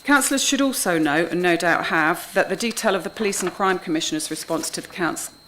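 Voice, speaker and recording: A woman officer giving a formal, measured presentation of a report at a council committee meeting in a council chamber. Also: fairly low pitch, a bit bright, a little hiss or hum, poor audio. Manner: measured, precise, with small restarts.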